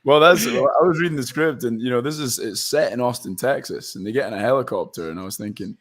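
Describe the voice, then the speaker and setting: A man's voice: mid-range voice, brisk. A young man from Scotland, an actor chatting casually as an interview guest and rambling with fillers and restarts.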